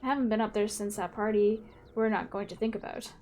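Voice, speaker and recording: A woman's voice: mid-range voice, fast, a little mellow. A young adult woman playing a game and chatting about it in a playful, casual way. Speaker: gaming streamer. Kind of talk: casual gameplay commentary. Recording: faint game music behind.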